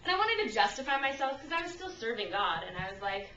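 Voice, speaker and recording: A young woman delivers a casual sermon, retelling stories in a chatty, lively way and slipping into the voices of the people she quotes. Her voice is bright and sits a little high. It was caught by a camcorder some distance away, in a room with strong echo. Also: quick pace, muffled recording. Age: young adult. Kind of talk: informal sermon with storytelling. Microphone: handheld camcorder at a distance. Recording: echoey room from a far camcorder.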